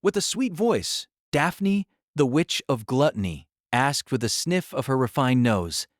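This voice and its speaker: A man narrating an audiobook in an expressive, dramatic storytelling manner. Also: mid-range voice, unhurried, no room sound, studio quality.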